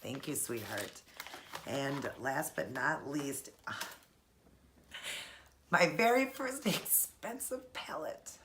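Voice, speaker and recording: Woman in her forties, low voice, gushing, sentimental, casual vlog chat, faint hiss behind. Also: expressive, takes it slowly, long pauses, a bit bright. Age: 40s. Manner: gushing and sentimental, breathy laughs. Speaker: vlogger.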